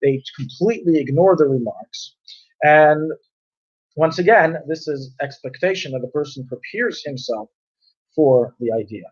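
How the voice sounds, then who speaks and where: A man's voice: a little high, measured pace. Man, Torah class teacher, conversational lecture, everyday examples, restarts phrases, muffled lo-fi sound. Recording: dull lo-fi recording.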